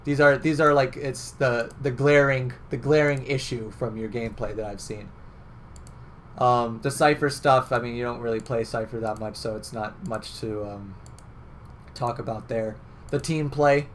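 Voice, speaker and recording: A man's voice: medium pitch, slight background noise. Casual young man coaching a gamer. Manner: conversational, filler-heavy, repeats "right?". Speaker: game coach.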